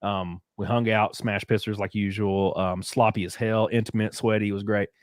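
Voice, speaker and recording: A man's voice: fairly low pitch, level tone, normal speed, no echo. A man in his thirties hosting a podcast, telling a personal story in a candid, rambling way with lots of fillers. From United States. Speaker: podcast host. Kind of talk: casual chat.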